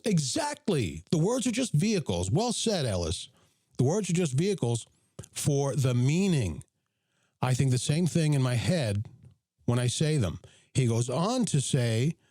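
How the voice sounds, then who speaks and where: Emphatic male host, lively swinging pitch, mellow dry close-mic sound, riffing on his own clips. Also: husky, no room sound. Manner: animated, emphatic, jokey asides. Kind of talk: live commentary over video clips, reading chat.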